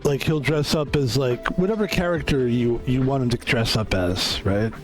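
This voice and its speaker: A man's voice: medium pitch, normal speed, faint music behind. A man streaming a video game, chatting in a loose, joking way and swearing freely. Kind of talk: casual gameplay commentary.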